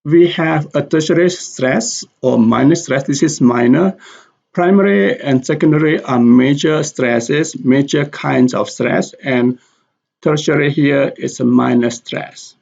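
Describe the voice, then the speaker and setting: A man teaching English pronunciation in a slow lesson, carefully repeating example words. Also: mid-range voice, gravelly, a little mellow, lo-fi sound.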